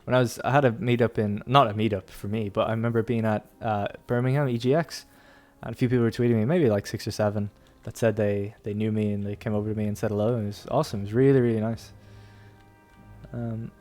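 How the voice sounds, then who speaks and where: A man's voice: lowish voice, fairly even intonation, quick pace, darkish tone. A young man chatting casually while streaming a strategy game, rambling and laughing often. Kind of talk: casual gameplay commentary. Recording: faint music behind.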